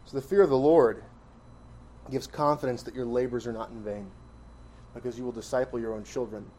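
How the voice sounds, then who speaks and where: A man preaching a sermon, emphatic and full of rhetorical questions, swinging between loud stresses and quiet asides. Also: mid-range voice, fairly even intonation, a little fast, slight background noise. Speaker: pastor.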